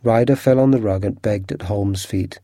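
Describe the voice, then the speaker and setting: A man calmly reading a storybook aloud as narrator. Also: on the low side, moderate pace, no echo, studio quality. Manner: calm, even narration.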